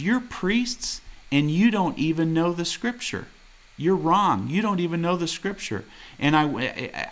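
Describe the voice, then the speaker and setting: A man delivers a sermon in an earnest, exhorting manner. He reads scripture aloud, comments on it, and presses listeners with direct rhetorical questions. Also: a little high. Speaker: preacher.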